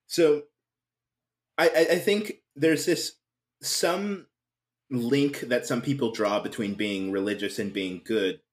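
A man's voice: medium pitch, slow pace. A young man talking as a podcast guest in frank, casual chat, swearing freely. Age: young adult.

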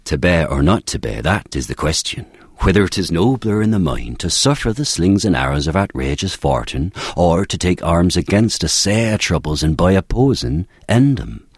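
A man recites Hamlet, a brooding young prince, in Shakespearean original pronunciation. The delivery is colloquial and unpompous, low-pitched and dry. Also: sing-song, normal speed, breathy edge, dry recording, heavily acted.

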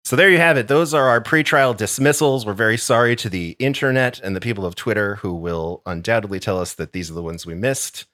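A man with a low voice co-hosting a casual podcast, wry and playful as he works through a list and leans on certain words. The recording is close and dry. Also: fairly quick, hardly any pauses, fairly bright tone, no room sound. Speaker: podcast co-host. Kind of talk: casual chat.

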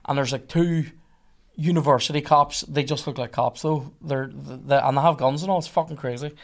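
A man's voice: medium pitch, moderate pace, gravelly. A young man, a podcast guest telling a swear-heavy story and acting out the other people in it. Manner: animated, swearing, acts out others' lines. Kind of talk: casual storytelling.

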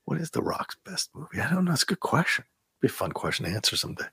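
Podcast co-host, male, gravelly and husky, lively and rambling, dry close mic. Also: mid-range voice, racing, no echo. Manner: opinionated, laughs often, rambling. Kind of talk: casual movie chat.

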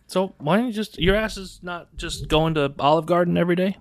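A man's voice: high-pitched, fairly quick. A man co-hosting a podcast, teasing his partner and running a trivia game. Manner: teasing, laughs often, quizzes his co-host. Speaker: podcast co-host. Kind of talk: casual chat.

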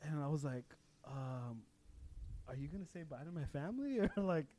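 Animated young man telling a story. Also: fairly high pitch, moderate pace. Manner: animated storyteller, laughs often, swears freely. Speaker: podcast co-host. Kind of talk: casual chat, telling a story.

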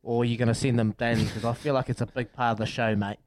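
A man's voice: medium pitch, little pitch movement, fast, a little mellow, no room sound. A man co-hosting sports radio, playful and giggly. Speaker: radio sports show co-host. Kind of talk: casual radio banter.

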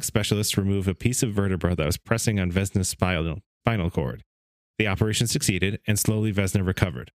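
A man's voice: lowish voice, dry recording. A man hosting a casual podcast, reading a story aloud and sometimes stumbling on a word. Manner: reads steadily, stumbles on some words then laughs it off. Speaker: podcast host reading stories.

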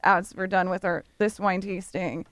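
A woman's voice: medium pitch, fairly even intonation, moderate pace, fairly bright tone, no echo. A woman on a radio show telling a story in casual chat, giggling often.

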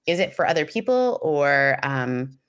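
A woman co-hosting a casual chat, measured and reflective as she gives advice. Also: deep voice, sing-song.

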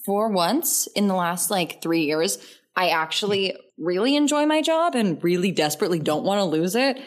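A woman's voice: on the low side, expressive, normal speed. A young woman co-hosting a casual comedy podcast, joking crudely and laughing often. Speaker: podcast co-host. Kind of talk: casual chat.

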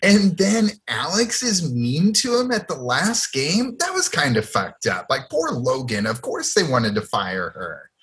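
A man's voice: medium pitch, huge pitch swings, measured pace, hardly any pauses, fairly bright tone. A man co-hosting a podcast, chatting casually and animatedly, laughing as he retells scenes. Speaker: podcast co-host. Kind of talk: casual chat.

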